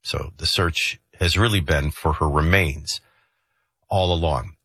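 A man's voice: very deep voice, measured pace, fairly bright tone, breathy edge, dry recording, clean studio sound. A man hosting a morning talk radio show, chatting casually about sports and reading the news. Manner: chatty, conversational, with frequent restarts. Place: radio studio. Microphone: studio microphone.

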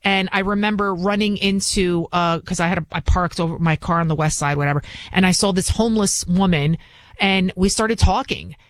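A woman's voice: on the low side, moderate pace, no room sound. A woman political commentator talking in an indignant, emphatic way, firing off rhetorical questions and repeating her points. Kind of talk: opinion monologue.

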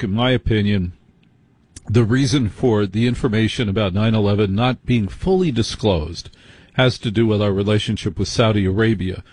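American guy, husky voice, dry close sound, rambling through a story. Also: on the low side, darkish tone, no room sound. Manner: storytelling, conspiratorial, restarts often. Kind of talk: casual conversation.

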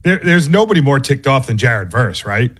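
A man on a sports talk show, lively and quoting imagined voices for laughs. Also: mid-range voice, normal speed, husky.

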